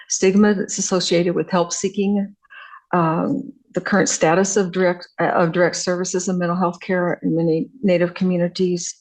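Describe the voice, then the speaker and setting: An older woman with a somewhat low voice gives an academic lecture. She talks in a halting way, full of fillers and restarts. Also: low-quality recording. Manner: hesitant, many fillers and restarts. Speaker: visiting scholar lecturer.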